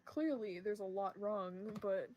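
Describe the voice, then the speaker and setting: A woman's voice: medium pitch, takes it slowly, a little mellow, slight background noise. A teenage girl chatting casually on a podcast, telling rambling stories with frequent giggles. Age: teens. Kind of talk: casual chat.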